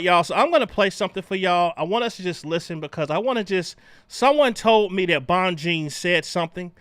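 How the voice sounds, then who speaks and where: A man hosting a casual livestream chat, loud and animated as he greets viewers. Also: sits high, smooth, no echo, studio quality. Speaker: livestream host.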